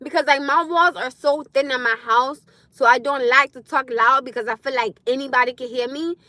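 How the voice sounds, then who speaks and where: A woman chatting loudly and bluntly on a live stream from inside her car, laughing often. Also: high voice, steady tone, brisk, no room sound. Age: adult with a school-age son. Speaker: livestreamer. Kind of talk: casual live-stream chat.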